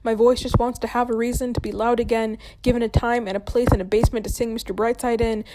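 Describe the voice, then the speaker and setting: A woman's voice: on the high side, background noise. A young woman performing spoken word in a playful, breezy way.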